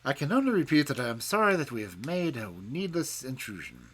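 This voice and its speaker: A man voicing a polite, measured detective who stays calm and amused, with a husky voice. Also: medium pitch. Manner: measured and courteous.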